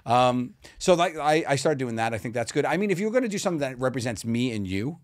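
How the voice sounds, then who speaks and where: A man's voice: medium pitch, lively intonation, fast talker, dry recording, clean studio sound. A man co-hosting a comedy podcast, chatting casually, joking and laughing often as he repeats himself. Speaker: podcast co-host.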